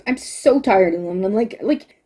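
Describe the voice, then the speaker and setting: A woman's voice: medium pitch, animated, moderate pace, warm tone, slightly rough. A woman giving a casual spoken review, rambling and emphatic, repeating words for stress, and close to tears. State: tearful, close to crying.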